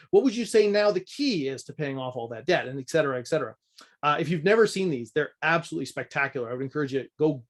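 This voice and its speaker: A man from Canada teaching a budgeting course in a casual, candid, self-deprecating way. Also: on the high side.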